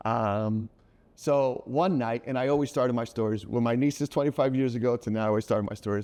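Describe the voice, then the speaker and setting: Middle-aged man, guest author, lively storyteller, mid-range voice. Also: medium pitch, a little fast. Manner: animated, acts out quoted voices. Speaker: guest, children's book author. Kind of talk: casual storytelling interview.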